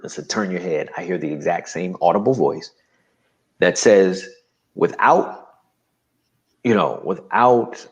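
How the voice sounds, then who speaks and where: Animated low-voiced man telling his story. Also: dull audio. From New Jersey, USA. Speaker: guest. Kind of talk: personal testimony in an interview.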